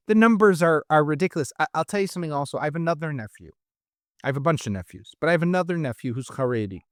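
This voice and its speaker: A middle-aged man from Israel talks politics in a worked-up, emphatic rush, stumbling over restarts. His voice sits somewhat high. It is recorded close and dry with no room sound. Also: dry recording. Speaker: guest. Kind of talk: heated political discussion.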